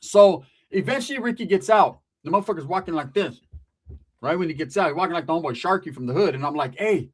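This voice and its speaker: A man from Northern California telling a comic story in a high voice. He talks in a rambling, profane, slang-heavy way. He keeps checking in with "right?". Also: animated, quick pace, slightly rough. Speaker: storyteller, comedian. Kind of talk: comedic storytelling.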